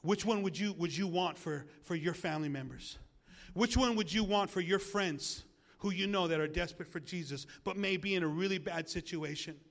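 Gravelly high-voiced man preaching. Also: moderate pace. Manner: animated, jokey, asks the congregation questions. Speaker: pastor. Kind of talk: sermon. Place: church.

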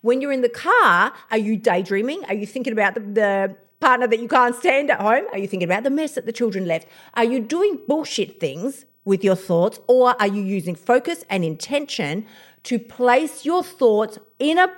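A woman's voice: on the high side, expressive, moderate pace. A woman hosting a motivational podcast, blunt and fired up, swearing freely as she talks about her routine. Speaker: podcast host.

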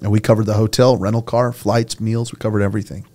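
In a conversational interview, a middle-aged man who serves as a senior pastor speaks quickly in a lowish, darkish voice with flat delivery. His storytelling is earnest and impassioned, and he gets choked up.

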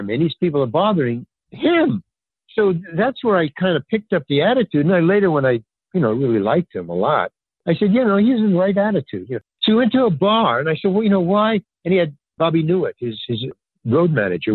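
A husky older man, a guest storyteller, talks fast and animatedly, acting out quoted dialogue with pitch jumps. His casual anecdote rambles, full of fillers and restarts, and it comes through dry, tinny phone-quality audio.

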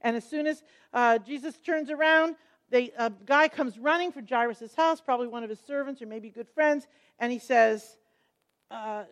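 A woman's voice, set a little high, teaches a Bible passage as a lively story. She is middle-aged and acts out the quoted lines as she goes, slowing down to stress key points.

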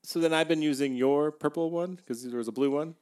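A man's voice: fairly high pitch, fairly quick, a little mellow. A man co-hosting a casual podcast from his kitchen table, telling wry, rambling stories. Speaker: podcast co-host. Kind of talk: casual chat.

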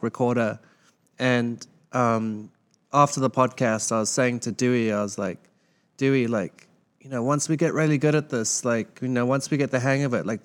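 A man with a South African accent talks loosely through a podcast chat. His sentences wander and he leans on "like" and "you know" as he goes. His pitch sits in the ordinary middle range for a man. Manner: relaxed, rambling, heavy on fillers like "like". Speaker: podcast co-host. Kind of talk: casual chat.

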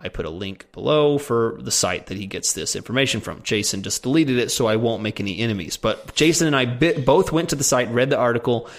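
A man hosts a casual Q&A show in a medium-pitched, everyday voice. He reads listener questions aloud and slips in teasing jokes about his co-host. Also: lively intonation, fairly quick, hardly any pauses. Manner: joking, teasing. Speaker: podcast co-host.

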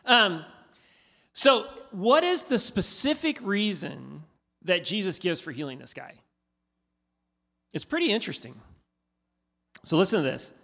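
A man preaching a sermon, asking his listeners questions in an animated, conversational way. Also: high voice, a little slow, creaky, long pauses. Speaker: pastor. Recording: hall reverb.

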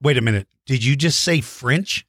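A woman's voice: very deep voice, moderate pace, dry recording, studio quality. A woman hosting a playful chat with a child over a video call, joking and teasing with silly sound effects. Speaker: host.

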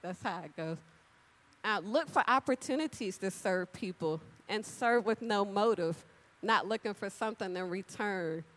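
A woman preaching an animated, chatty sermon, talking straight to the congregation and acting out little conversations. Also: medium pitch, normal speed. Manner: animated, chatty, addresses crowd directly; acts out dialogue with big voice swings. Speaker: church speaker. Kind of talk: lively sermon with storytelling.

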